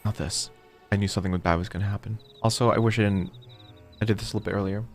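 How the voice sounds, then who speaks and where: A man's voice: on the low side, steady tone, fast talker, faint music behind. A man streaming a video game, rambling and chatty, often mocking himself. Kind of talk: casual gameplay commentary.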